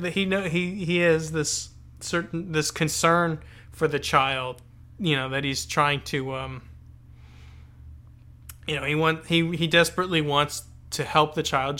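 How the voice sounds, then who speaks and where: A man's voice: fairly high pitch, sharp tone. A man co-hosting a podcast, talking through a novel in a casual, thoughtful way that rambles and restarts often. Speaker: podcast co-host. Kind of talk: casual book discussion.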